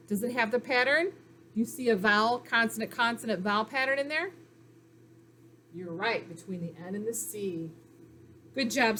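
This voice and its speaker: A woman teacher giving a slow, clear phonics lesson to young children, pausing for their answers and praising them. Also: fairly high pitch, fairly bright tone, a little hiss or hum.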